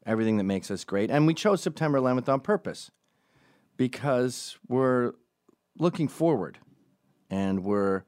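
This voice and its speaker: A man's voice: lowish voice, a little mellow, no room sound, clean studio sound. A man hosting a podcast who talks through a casual comic monologue in a profane, rambling and sarcastic way.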